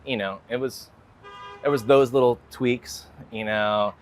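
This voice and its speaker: A man's voice: mid-range voice, fairly even intonation, measured pace, slight background noise. An American man in an interview, talking casually and rambling with lots of filler words. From United States. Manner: rambling, full of "like" and "you know" fillers. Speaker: guest artist.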